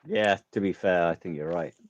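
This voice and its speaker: A man's voice: sits low, moderate pace, dry recording, muffled recording. A man, co-hosting a poetry stream, joking and teasing in casual chat. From Britain. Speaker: poetry society co-host and reader.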